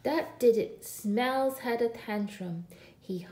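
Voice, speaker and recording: A woman reading a children's picture book aloud in an expressive, drawn-out way. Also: fairly high pitch. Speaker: storyteller. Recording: echoey room.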